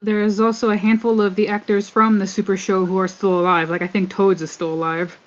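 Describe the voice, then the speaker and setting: Low, monotone woman on a stream through a dull lo-fi mic. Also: fairly quick. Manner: relaxed, tells stories about herself. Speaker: voice actor and stream cast member. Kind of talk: casual livestream chat.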